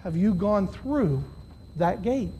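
A preacher giving a live sermon to a congregation of about fifty, dropping to quiet, low questions and then rising to loud, shouted emphasis, drawing out key words. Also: lively intonation, slow pace. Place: church hall with about fifty listeners.

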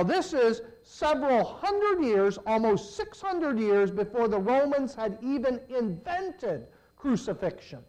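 A man preaching a sermon, swinging between loud emphatic lines and low, hushed ones. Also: poor audio.

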